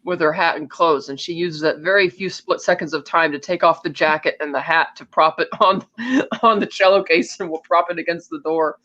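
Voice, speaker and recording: Podcast cohost walking through a movie plot, slightly muffled lo-fi sound, mid pitch. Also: steady tone, a little fast, bright, forceful tone. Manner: retells plot scene by scene, acting out characters' lines. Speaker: podcast co-host. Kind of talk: casual film recap chat. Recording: dull lo-fi audio.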